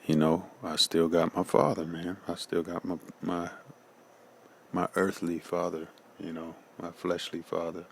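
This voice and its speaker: A man's voice: deep voice, little pitch movement, a little slow, vocal fry, slight background noise. A man giving a casual personal testimony, slangy and loose, often saying "man" and "you know.".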